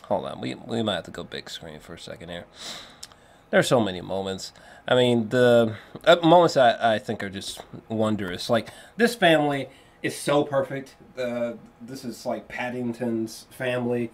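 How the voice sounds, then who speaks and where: A man giving a casual spoken film review, rambling and excitable, with lots of fillers and restarts and free swearing. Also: mid-range voice, moderate pace. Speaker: movie reviewer.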